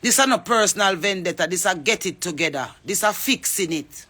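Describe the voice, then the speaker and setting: A woman's voice: fairly low pitch, expressive, a little fast, pushed and bright, breathy edge. A woman from Jamaica with a Jamaican accent, a singer making a fervent, preachy appeal on social media and calling people out by name. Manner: fervent, preachy, calls out names.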